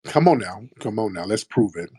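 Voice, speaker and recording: A male host on a comedic call-in show with a somewhat low voice, needling his callers and repeating the same demands in a mocking, confrontational way. The sound is dry and close, with no room echo. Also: animated, a little fast, dark tone, breathy edge. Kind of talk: comedic call-in radio talk.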